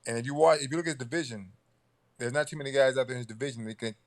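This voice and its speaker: Older male boxing coach, quick rambling talker, repeats himself, easy laugh. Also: medium pitch. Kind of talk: casual talk show chat.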